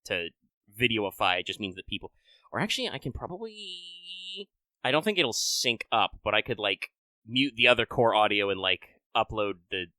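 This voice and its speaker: A man running a tabletop game as game master over voice chat, talking quickly and chattily and correcting himself mid-sentence. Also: mid-range voice, sing-song, pushed and bright, no echo.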